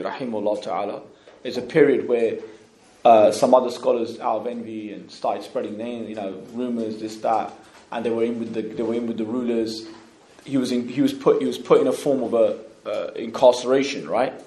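A man's voice: medium pitch, steady tone, fairly quick, a little mellow. A man teaching an informal religious lesson in a loose, conversational way, often stopping to ask whether listeners follow. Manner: keeps checking understanding with tag questions. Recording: echoey room.

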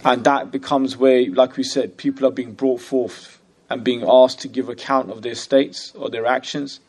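A man's voice: medium pitch, little pitch movement, a little mellow. Man teaching a text, chatty check-ins. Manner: conversational, constantly checks in with "you know" and "right?"; recites Arabic passages rapidly. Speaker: religious teacher. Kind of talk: explaining a classical religious text to a class.

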